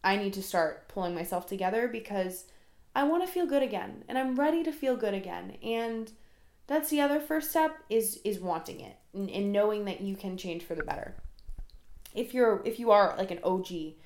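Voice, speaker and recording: A young woman in her early twenties rambles through a solo podcast episode, chatty and quick to poke fun at herself. Her voice sits at an ordinary middle pitch. The room around her has a noticeable echo. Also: lively intonation, a little mellow. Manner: rambling, chatty, self-deprecating. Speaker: podcast host. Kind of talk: casual solo podcast monologue.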